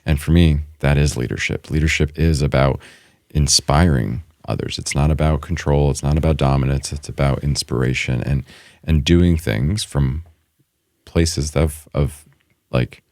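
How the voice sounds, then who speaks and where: A man's voice: rumbling low, steady tone, moderate pace, darkish tone, no room sound, clean studio sound. A man co-hosting a podcast, speaking earnestly and from the heart, often checking in with "right?", and reading a prepared closing thought. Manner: reads a prepared closing statement. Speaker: podcast co-host. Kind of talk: reflective conversational podcast.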